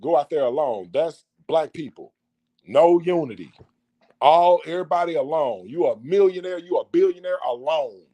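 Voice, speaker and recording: Animated preachy man with lively pitch. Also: moderate pace. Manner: animated, rhetorical questions. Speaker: vlogger. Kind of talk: preachy monologue.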